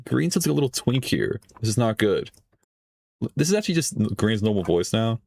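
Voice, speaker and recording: A man with a low voice talks loosely over clips he is reacting to, swearing and laughing often. The sound is dry and close, with no room around it. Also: sing-song, a little fast, creaky, darkish tone, no room sound. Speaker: streamer. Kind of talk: casual reaction commentary.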